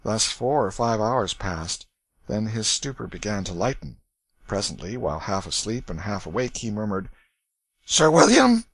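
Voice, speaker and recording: A man reading an audiobook in a measured, clear storytelling manner. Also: fairly low pitch, no room sound. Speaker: audiobook reader. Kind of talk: scripted narration.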